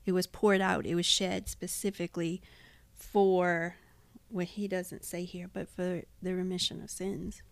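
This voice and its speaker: A woman's voice: on the low side, little pitch movement, a little slow, vocal fry, no echo. A woman co-hosting a Bible study podcast, explaining the symbols plainly in homely words. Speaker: podcast co-host. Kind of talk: casual Bible study chat.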